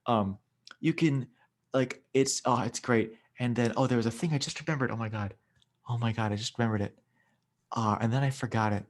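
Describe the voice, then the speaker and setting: A man's voice: medium pitch, brisk. A young man co-hosting a casual chat, rambling and restarting his sentences often. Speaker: podcast co-host.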